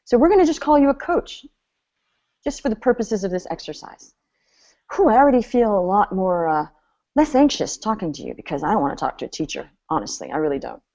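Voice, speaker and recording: A chatty woman coach talks in a lively, playful way and laughs often. Her voice sits at a mid pitch. The audio is slightly dull and lo-fi. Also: brisk. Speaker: business coach. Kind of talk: live online coaching seminar.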